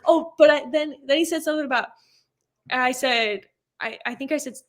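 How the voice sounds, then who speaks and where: A young woman with an American accent chats easily as a podcast guest. Her voice sits a little high, and she laughs often and scatters fillers through her talk. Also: fairly quick. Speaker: guest, motocross racer. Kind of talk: casual interview chat.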